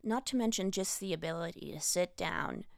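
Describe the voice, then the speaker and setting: Woman podcast host, playful self-mocking delivery, gravelly voice. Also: fairly low pitch, lively intonation, moderate pace, no echo, clean studio sound. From United States. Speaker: podcast host reviewing books. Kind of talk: casual solo podcast chat.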